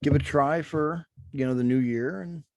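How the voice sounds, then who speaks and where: A man's voice: fairly high pitch, normal speed, a little mellow, dry recording. A man chatting casually as a guest, hesitant and self-deprecating, often stammering. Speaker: podcast guest. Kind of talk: casual chat.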